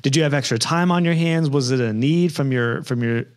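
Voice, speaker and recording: A man's voice: medium pitch, a little fast. A man hosting a podcast interview, talking casually and thinking aloud with frequent restarts. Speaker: podcast host.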